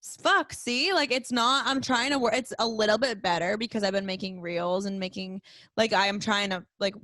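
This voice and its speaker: A young woman guest on a comedy podcast, chatting frankly and loosely with plenty of filler words. Her voice sits at an ordinary middle pitch, recorded dry and close. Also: normal speed, pushed and bright, dry recording. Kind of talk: casual chat.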